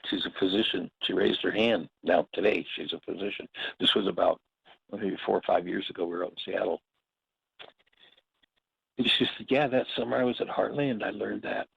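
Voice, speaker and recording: Man, very deep voice, gravelly, husky, storytelling teacher, dull lo-fi recording. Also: normal speed, a bit bright, no room sound. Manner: storytelling, with short acted quotes. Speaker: workshop teacher. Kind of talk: reflective spoken teaching.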